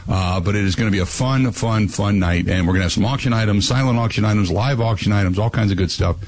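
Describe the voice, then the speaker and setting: A man's voice: fairly low pitch, fast, poor audio. A man hosting a sports talk radio show, ranting with emphatic repetition.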